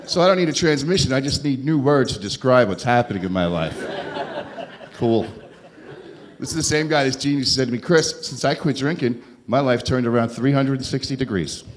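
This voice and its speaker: A stand-up comic working a club crowd. He is sarcastic, with dry, deadpan asides, and sits at a middling pitch for a man. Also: a little fast. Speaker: stand-up comedian. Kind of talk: stand-up comedy set. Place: comedy club stage.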